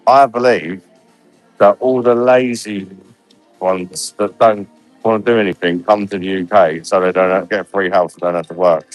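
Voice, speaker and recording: A man's voice: sits low, steady tone, normal speed, faint music behind. An English man vlogging casually from a holiday resort, talking bluntly and swearing freely. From England. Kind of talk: casual vlog chat.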